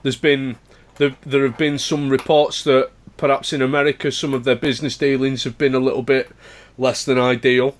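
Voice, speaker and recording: A man's voice: medium pitch, level tone, moderate pace. A British man co-hosting a podcast in casual chat, dry and matter-of-fact. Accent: British English. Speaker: podcast co-host.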